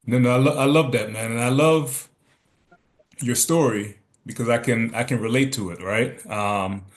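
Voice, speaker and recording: A man hosting an interview who answers his guest warmly and often with short acknowledgments. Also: mid-range voice, normal speed. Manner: affirming, with frequent brief acknowledgments. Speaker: host. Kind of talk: interview chat.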